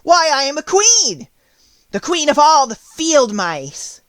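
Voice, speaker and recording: A man voicing a tiny, proud female queen mouse with a squeaky, indignant voice in an audiobook. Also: sing-song, slow pace, fairly bright tone, no room sound, heavily acted. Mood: squeaky, regal. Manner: indignant, regal. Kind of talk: audiobook character voice.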